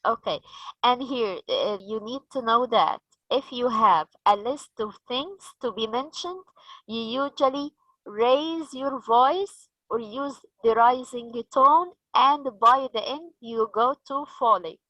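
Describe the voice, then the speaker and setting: A woman with an Egyptian accent leading a teacher training session, slow and patient, asking the group questions. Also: on the high side, fairly bright tone, dry recording, muffled recording.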